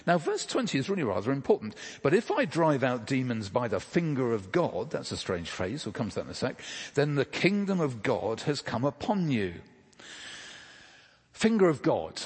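A man's voice: mid-range voice, breathy edge, in a large hall. A man preaching a sermon in a conversational way, asking rhetorical questions and dropping casual asides. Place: church.

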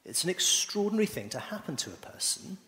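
Lively pastor in a reverberant church. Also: male voice, sits high, fast. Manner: playful, quizzing the congregation. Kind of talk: sermon with congregation call-and-response. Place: church hall. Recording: long reverb of a church hall.

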